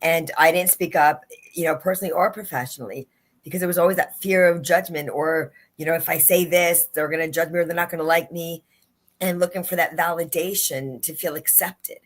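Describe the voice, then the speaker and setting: On a video call livestream, a woman guest coaching in life and leadership delivers a motivational talk with earnest conviction. Her fairly low voice is steady in tone and brisk, and she repeats her main phrases for emphasis.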